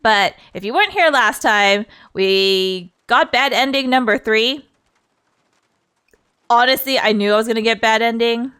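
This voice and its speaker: A woman's voice: fairly high pitch, a little slow, a bit bright, clear, resonant tone. A woman streamer chatting casually to her viewers, laughing often and poking fun at herself. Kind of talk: casual live-stream chat.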